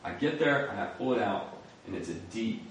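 A young man telling a personal story with lively retellings of scenes and frequent laughter. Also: fairly low pitch, normal speed, slight background noise. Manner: animated storyteller, acting out scenes, laughing often. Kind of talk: personal testimony. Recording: echoey room from far off.

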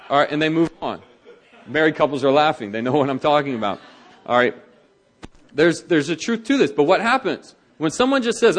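A male pastor preaching in a lively, conversational manner. His voice sits a little high, and his pitch swings widely as he drives his points home and slips into the voices of the people he quotes. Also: brisk. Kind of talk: sermon on marriage.

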